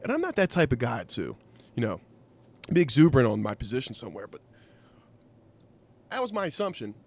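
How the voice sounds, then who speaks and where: A man hosting a podcast, telling a wry anecdote in an animated, profane way. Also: medium pitch, a little fast. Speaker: podcast host. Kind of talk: storytelling anecdote.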